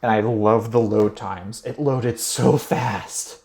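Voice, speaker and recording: A man's voice: on the low side, fairly even intonation, slow pace, a little mellow. A young man on a casual gaming podcast, enthusiastic and repeating his emphasis words. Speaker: podcast co-host. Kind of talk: casual chat.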